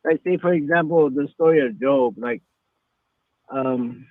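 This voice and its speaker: A man's voice: mid-range voice, a little slow, no room sound. A man in his thirties from Texas, calling in and telling his story in a rambling, hesitant way with many fillers. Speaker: caller. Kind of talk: casual phone-in talk. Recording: tinny phone line.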